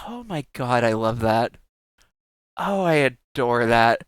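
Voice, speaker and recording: Giggly, gushing streamer with lively pitch. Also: slow, clear, resonant tone, no room sound. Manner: giggly, gushing, swears casually. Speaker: live streamer. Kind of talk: casual live-stream chat.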